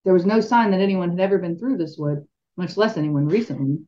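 Woman, storybook reader, podcast co-host, expressive, low-set voice, dull lo-fi sound. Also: fairly quick. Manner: expressive reading, laughs at asides. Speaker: podcast co-host reading aloud. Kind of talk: storybook reading with asides.

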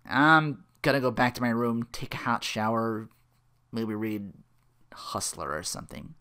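A man's voice: mid-range voice, animated, measured pace, pushed and bright. A man voicing a weary, sarcastic male TV weatherman in a casual movie retelling, with dry, mocking quips. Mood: deadpan.

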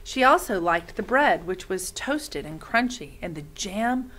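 A woman's voice: mid-range voice, lively intonation, unhurried, fairly bright tone, rough recording. A woman reading a children's novel aloud in a friendly way, stopping to explain words.

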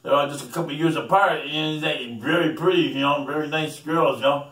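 A man's voice: fairly high pitch, fairly even intonation, fairly quick, fairly bright tone. A man telling a joke casually, rambling, repeating words and chuckling often. His voice is heard in a roomy space from a distant mic. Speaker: joke teller.

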